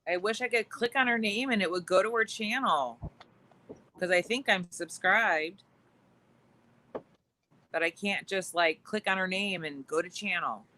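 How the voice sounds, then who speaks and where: A woman's voice: medium pitch, unhurried, pauses often, bright, forceful tone, slight background noise, poor audio. A woman co-hosting a live stream, spinning joking stories and teasing the guest. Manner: joking storyteller, dry teasing. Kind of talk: casual live-stream chat.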